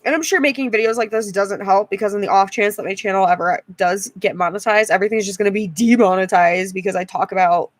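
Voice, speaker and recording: A woman's voice: mid-range voice, steady tone, brisk, no echo. A woman in her twenties venting in a tired, frustrated vlog rant, often repeating herself. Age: 20s. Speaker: YouTuber.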